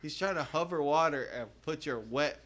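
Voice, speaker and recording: A man's voice: a little high, moderate pace, a bit bright. A man, a comedian, telling stories in a casual podcast chat, slangy and laughing as he goes. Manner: laid-back, slangy, peppers speech with "bro" and "dog".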